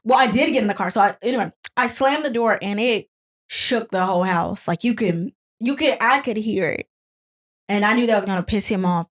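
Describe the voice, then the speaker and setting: A woman's voice: mid-range voice, fairly quick. A young woman co-hosting a podcast from a couch, telling rambling stories in casual chat, laughing often and swearing freely. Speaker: podcast co-host. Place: on a couch at home.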